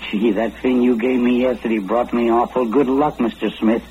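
A man's voice: mid-range voice, level tone, normal speed, close to an everyday voice. An actor in an old-time radio drama playing a shy, poor young man who stammers politely and sounds humble and grateful. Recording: dull lo-fi old radio recording with hiss.

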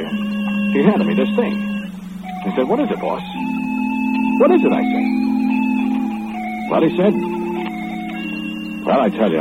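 An actor playing the archangel Gabriel, a folksy, excitable male messenger telling his tale in 1940s radio style. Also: fairly low pitch. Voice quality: folksy rural drawl, excitable. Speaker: narrating monologue. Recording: tinny old radio broadcast with loud music.

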